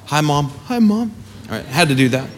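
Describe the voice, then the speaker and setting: A man preaching a sermon as pastor, passionate, building to shouted exhortation. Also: medium pitch, fairly even intonation, fast, a little hiss or hum. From family roots in the American South. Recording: faint music under the voice.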